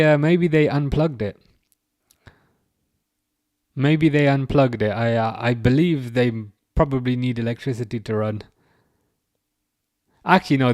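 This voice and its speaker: A man's voice: mid-range voice, a little mellow, dry recording, studio quality. A man hosting a football livestream, chatting casually, chuckling wryly and answering comments from chat. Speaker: livestream host.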